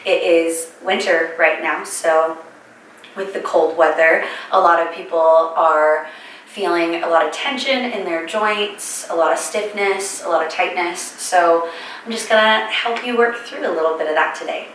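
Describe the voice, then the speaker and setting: A young woman, guiding a gentle yoga class with calm, encouraging breath cues. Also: fairly low pitch, measured pace. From California, United States. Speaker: yoga instructor. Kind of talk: guided yoga class instruction. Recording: very echoey room, mic at a distance, faint noise.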